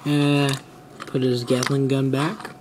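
A man's voice: mid-range voice, level tone, slow pace, background noise. A teenage boy casually reviewing toys, rambling and trailing off as he talks. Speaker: toy reviewer.

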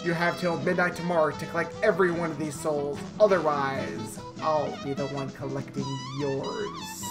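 A gamer reading a game's story aloud and voicing the devil, a menacing male casino owner, in a slow, gloating, lowered voice, with game music behind. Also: wildly swooping pitch.

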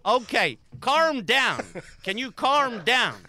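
A radio host making a prank phone call in a calm, provoking way, playing innocent. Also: male voice, extremely high pitch, slow pace, crowd noise.

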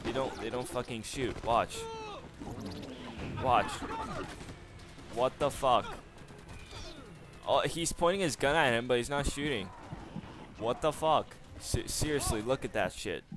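A man's voice: mid-range voice, animated, measured pace, long pauses. Sarcastic man ranting over gameplay. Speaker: gamer commentator. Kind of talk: profane gameplay commentary. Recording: game audio noise behind.

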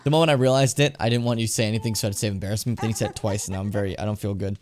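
Profane, excitable male streamer. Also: lowish voice, very fast. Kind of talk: casual live-stream commentary.

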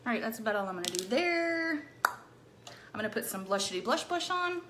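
A woman's voice: fairly high pitch, big pitch swings, moderate pace, noisy background. A middle-aged woman chatting casually through a makeup tutorial, bubbly and playful, with silly rhyming words. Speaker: makeup vlogger.

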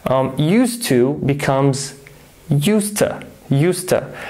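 Man teaching English phrases slowly. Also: medium pitch, expressive, darkish tone. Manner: slow careful modelling of phrases, repeating each example; corrects himself mid-sentence. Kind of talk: online language lesson.

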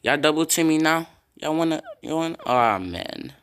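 A young man casually commenting on his own football video game, swearing and breaking into loud yells at big plays. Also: fairly high pitch, expressive, normal speed, clear, resonant tone. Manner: reactive, swears often, bursts into loud yells.

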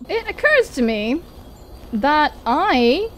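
A woman hosting a gaming video, playful and swearing while she plays, from quiet mutters to loud outbursts. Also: sits high, big pitch swings, measured pace, a little hiss or hum. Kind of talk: playing and joking over gameplay.

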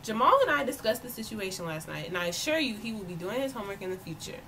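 A woman voicing a calm, caring mother who speaks gently but firmly to her young son in a read-aloud storybook. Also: medium pitch, fast, heavy background noise, natural voice.

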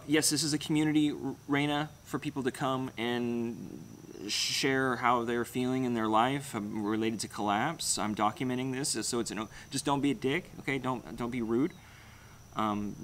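A man's voice: medium pitch, a bit bright, slight background noise. A young man hosting his channel, chatting casually through viewer comments in a rambling, blunt way and swearing freely. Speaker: channel host. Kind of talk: casual livestream comment chat.

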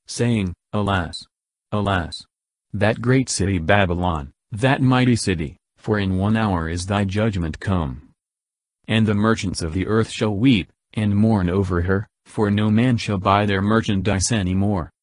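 A man reciting scripture in a slow, measured, solemn narration. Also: on the low side, a little mellow, no room sound. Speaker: Bible reader.

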